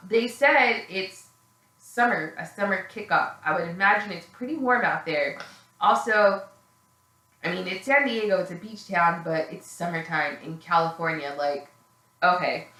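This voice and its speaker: Woman, casual vlog reviewer; sarcastic, profane, sharp bright tone; roomy echo, slightly off-mic. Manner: blunt, sarcastic, swearing freely; acts out quoted voices in a high, shrill tone. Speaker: reality TV reviewer.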